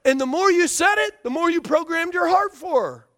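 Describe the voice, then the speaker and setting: A man's voice: very high-pitched, animated, moderate pace, few pauses, a bit bright. A man preaching a sermon to a congregation, emphatic, repeating key phrases and checking that they follow him. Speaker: pastor.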